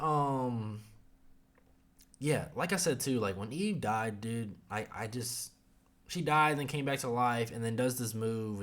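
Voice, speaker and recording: A man's voice: mid-range voice, fairly bright tone. A young man hosting a podcast, chatting casually about a show in a rambling, profane way full of fillers. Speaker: podcast host. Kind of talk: casual review chat.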